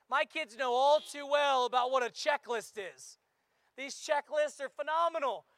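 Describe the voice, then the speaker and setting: A male pastor preaching a lively sermon, sometimes shouting out acted-out lines. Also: very high voice, no room sound.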